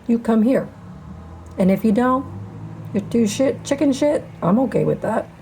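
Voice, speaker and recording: Middle-aged woman, spiritual host; dark, gravelly voice, slow and defiant, swears freely. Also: on the high side, expressive, slight background noise. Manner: defiant, profane, drawn-out emphatic phrasing. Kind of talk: spiritual monologue to camera.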